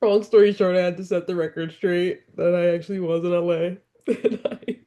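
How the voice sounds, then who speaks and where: A woman's voice: on the low side, steady tone, moderate pace, warm tone, highs cut off. A woman in her twenties hosting a podcast, chatting casually and chuckling as she tells her side of a story. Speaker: podcast host. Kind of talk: casual chat.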